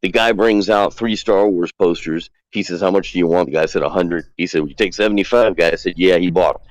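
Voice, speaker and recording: A man's voice: low-pitched, a little fast, poor audio. A man telling a long, rambling story on a talk show as a guest, acting out the quoted dialogue. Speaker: guest calling in. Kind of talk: casual storytelling.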